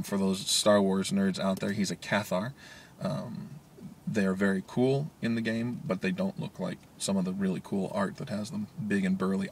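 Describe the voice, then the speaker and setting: A man's voice: sits low, slight background noise. A man talking casually in a daily video blog, rambling with many fillers and chuckling often. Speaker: vlogger. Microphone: handheld media player camera.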